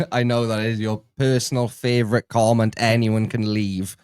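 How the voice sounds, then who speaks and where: Male co-host, relaxed and quick to laugh, smooth tone, dry sound. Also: on the low side, no room sound. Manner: laid-back, laughs easily. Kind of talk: casual chat.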